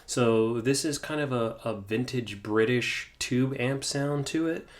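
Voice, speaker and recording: In an unhurried, mid-range voice, a man hosts a guitar amp tutorial that works as a casual gear demonstration. He's relaxed, with lots of "uh"s, fillers, and restarts.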